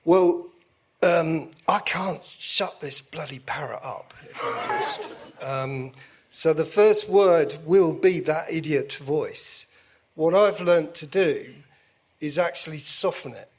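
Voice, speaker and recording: A man's voice: on the high side, wildly swooping pitch, takes it slowly, breathy edge. A man speaking as a guest in a candid conversation, self-deprecating and jokey.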